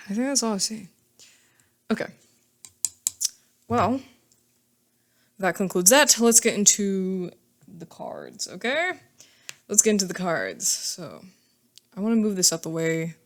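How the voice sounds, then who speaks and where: A woman's voice: medium pitch, sing-song, slow pace, long pauses. A woman giving a casual tarot reading to camera, chatty and thinking aloud, often laughing at herself. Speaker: tarot reader.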